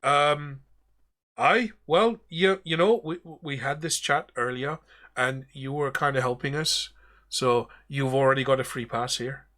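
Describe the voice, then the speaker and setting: A man narrating a tabletop game as game master, unhurried and often stopping to correct himself. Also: mid-range voice, bright, forceful tone.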